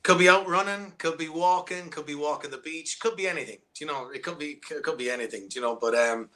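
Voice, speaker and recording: A man's voice: on the high side, fairly quick, pushed and bright. A man with an Irish accent, a musician talking loosely in an interview over a video call, full of restarts and fillers. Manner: rambling, with many restarts and fillers. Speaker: musician guest. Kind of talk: casual interview chat.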